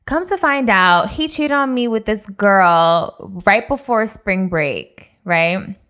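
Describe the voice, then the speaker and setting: A young woman in her twenties, a podcast co-host, telling a personal story in casual chat, animated and laughing often. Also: medium pitch, takes it slowly, smooth. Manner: animated, voices other people, laughs often.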